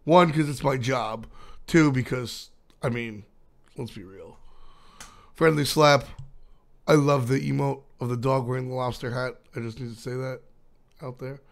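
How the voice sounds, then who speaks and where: A young man with a hoarse, still-recovering voice, rambling casually to his stream chat, with lots of fillers. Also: mid-range voice, fairly even intonation, normal speed. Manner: rambling, filler-heavy storytelling. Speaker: esports caster streaming to chat.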